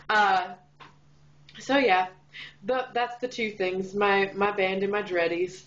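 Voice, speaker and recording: A woman's voice: mid-range voice, fairly bright tone. Young woman from kansas, midwestern accent w a bit of southern twang, bubbly chatty vlog, kinda dull lo-fi webcam sound. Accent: Midwestern with a slight Southern twang. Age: young adult. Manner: bubbly, chatty, lots of fillers. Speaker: vlogger. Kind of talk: casual chat to camera. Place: room lit by a window.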